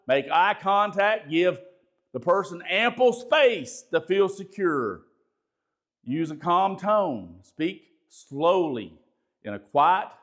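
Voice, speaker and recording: Middle-aged male bishop leading a class, naturally loud and emphatic, pitched high for a man. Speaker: bishop teaching a ministry training session. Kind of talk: spoken teaching lecture.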